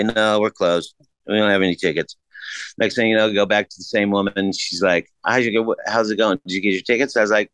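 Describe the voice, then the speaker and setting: A man telling a story as a podcast guest in a casual, laid-back way, swearing freely and jumping his pitch up to act out the voices of people he quotes. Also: fairly bright tone, clear, resonant tone, dry recording. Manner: acts out quoted voices with big pitch jumps.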